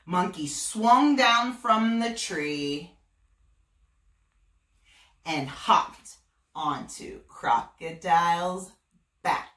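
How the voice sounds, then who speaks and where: A woman teacher reading a picture book aloud to her students, gentle and encouraging. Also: on the low side, very slow, pauses often. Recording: roomy, voice from a distance.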